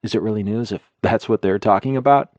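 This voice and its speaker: A male narrator voicing a relaxed, casual young firefighter in an audiobook. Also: on the low side, fast talker, no room sound, muffled recording, natural voice. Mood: easygoing. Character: laid-back young male firefighter, easygoing.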